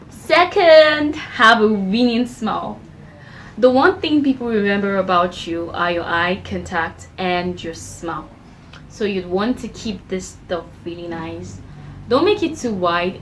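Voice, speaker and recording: A young woman talks straight to her viewers, giving practical tips in a chatty, conversational way. She keeps slipping into short quoted exchanges to act out her points. Her voice sits at a middle pitch, with a faint hum of noise behind it. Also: low-quality recording. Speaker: vlogger giving self-improvement tips. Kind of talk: casual talk-to-camera advice.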